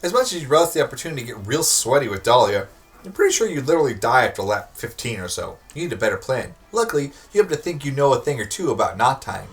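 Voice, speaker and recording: A man's voice: mid-range voice, very animated, fast talker. A young man narrates a dating game for a let's play, reading the text aloud with playful, dry asides. His voice sits in an ordinary middle register.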